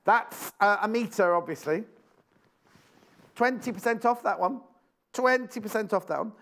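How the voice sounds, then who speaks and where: A man's voice: sits high, a little slow, a bit bright. A British man presenting a live TV shopping show, chatty and exclamatory, repeating prices and phrases. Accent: British English.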